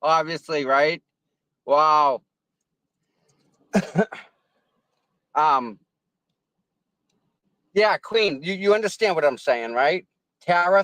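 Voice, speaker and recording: Rambling live-streamer, male, high-pitched, dry close sound, chatting from his car. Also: fairly bright tone, no echo, rough recording. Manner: rambling, repeats words, thanks viewers effusively. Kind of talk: casual live-stream chat while driving. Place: car in traffic.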